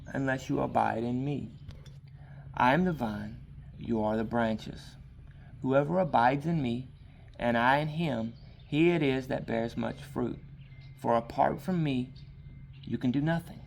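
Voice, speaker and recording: A man's voice: mid-range voice, creaky, slight background noise. A man preaching an informal sermon outdoors, talking in a loose, conversational way with frequent asides. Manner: conversational, rambling, frequent "all right". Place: outdoors in a yard.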